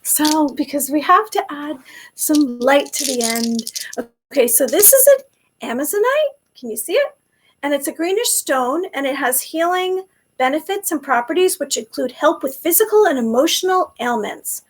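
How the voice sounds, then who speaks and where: High-voiced woman talk show host. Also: animated, normal speed. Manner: effusive and grateful, many fillers.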